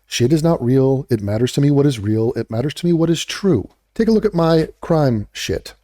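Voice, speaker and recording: A man's voice: medium pitch, animated, moderate pace, mellow, dry recording, studio quality. A man with a blunt, profane, sarcastic manner, ranting as a video creator in a commentary vlog.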